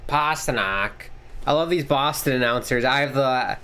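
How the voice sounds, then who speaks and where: A young man hosting a live hockey watchalong stream, mixing casual chat with quick play-by-play calls that rise as the action heats up. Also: medium pitch, steady tone, a bit bright, clean tone. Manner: rapid, rising calls during plays. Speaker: livestream host.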